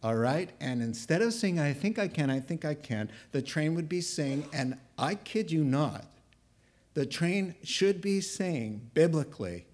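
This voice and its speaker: Slow-talking animated male preacher. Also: on the high side. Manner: animated, acts out biblical dialogue with sarcasm. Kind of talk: sermon.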